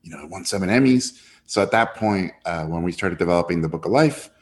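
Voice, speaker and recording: Man, lowish voice, animated storytelling, lively swings in pitch. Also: fast, slight background noise. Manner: lively storyteller, jumps high when quoting others. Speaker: filmmaker guest. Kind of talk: animated anecdote telling.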